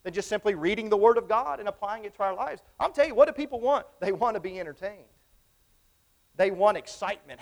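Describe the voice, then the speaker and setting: High-voiced man preaching a sermon. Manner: emphatic, repeats phrases, asks the congregation questions. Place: church.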